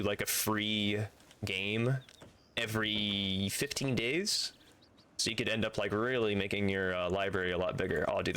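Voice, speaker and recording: A man talks through a live game stream in an easy, offhand way, reading items aloud and chatting with his viewers. His voice sits a little low, and he drops the odd swear word without thinking about it. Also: a bit bright. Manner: casual, chatty, swears freely.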